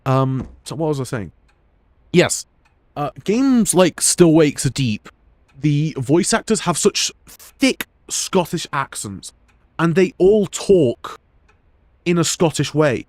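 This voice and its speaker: A man's voice: a little high, sing-song, takes it slowly, a little mellow, no echo. A man, streaming a game and rambling crude jokes at home. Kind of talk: gameplay live stream commentary.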